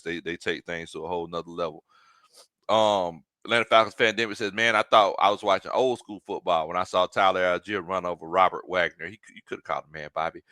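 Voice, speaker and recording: A man's voice: fairly low pitch, pushed and bright, dry recording. Rambling man hosting a football stream. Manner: rambling, repeats words, reads chat aloud. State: congested from a sinus infection. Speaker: sports live stream host. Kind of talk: casual live-stream football talk.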